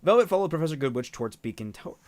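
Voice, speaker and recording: A man reads a story aloud on his stream, his mid-range voice rising and falling with lively energy. He stumbles and restarts often, filling gaps with "uh". Now and then he breaks off to comment. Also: fairly high pitch, rapid-fire, dry recording. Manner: animated reading, frequent fillers and restarts. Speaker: reader and streamer. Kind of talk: reading a fan novel aloud with commentary.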